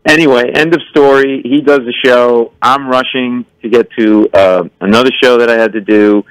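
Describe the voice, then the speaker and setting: On a low-quality recording with no echo, a man with a smooth, medium-pitched voice speaks at normal speed. As a comedian guest on a radio show, he tells an animated story, performing different voices and mock-stammering with excitable energy.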